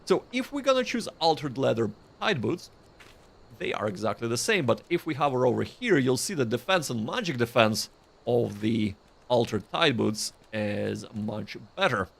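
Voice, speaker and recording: A man's voice: mid-range voice, very animated, normal speed, gravelly. A man giving casual, chatty commentary on his own gameplay, self-deprecating and prone to restarts. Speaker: streamer.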